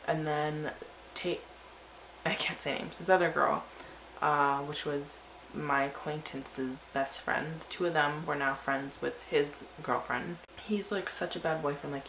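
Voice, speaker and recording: A woman's voice: deep voice, fairly bright tone, a little hiss or hum, low-quality recording. A teenage girl telling a rambling story in a casual diary vlog, full of "like" and quoted asides. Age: teens. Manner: rambling, filler-heavy storytelling. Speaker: vlogger.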